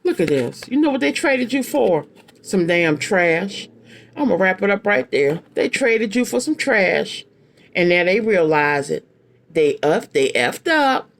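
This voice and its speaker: This tarot reader, a woman in her fifties, has a medium-pitched voice that swings widely in pitch while she takes her time. Reading cards casually for viewers, she's emphatic and blunt, with repeated phrases and folksy slang.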